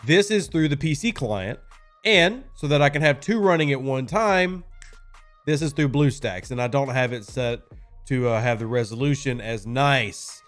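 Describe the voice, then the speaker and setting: Animated, sarcastic male game streamer. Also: mid-range voice, normal speed, faint music behind. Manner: sarcastic, chatty, talks to chat. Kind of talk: casual live-stream chat.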